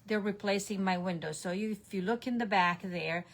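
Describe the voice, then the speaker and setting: A woman's voice: medium pitch, normal speed. A woman demonstrator casually recapping her card projects to camera from her home craft room, with lots of ums and self-corrections. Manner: chatty, showing cards, frequent ums and self-corrections. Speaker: online stamping demonstrator.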